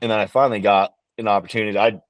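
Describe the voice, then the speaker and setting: A man on a podcast, a bowhunting guest telling a hunting story in a relaxed, rambling way with lots of fillers. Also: lowish voice, very fast, no room sound. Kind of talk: casual storytelling in an interview.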